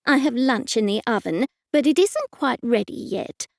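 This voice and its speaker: A woman's voice: on the high side, expressive, vocal fry, darkish tone, dry recording, clean studio sound. A woman doing a bustling, chatty old aunt. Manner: bustling, brisk hostess chatter. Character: bustling, chatty older aunt serving food.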